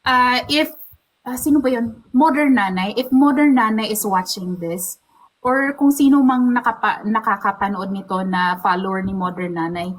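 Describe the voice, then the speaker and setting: A woman's voice: a little high, normal speed, slight background noise, rough recording. A woman with a Filipino accent hosting a casual interview, chatty and reassuring as she switches between Tagalog and English.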